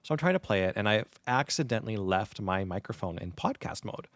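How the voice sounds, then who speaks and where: Low-voiced man telling a story up close. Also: fairly quick, no room sound. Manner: animated storyteller, acts out quoted gamers. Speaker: podcast co-host. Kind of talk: casual chat. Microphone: close dynamic podcast mic.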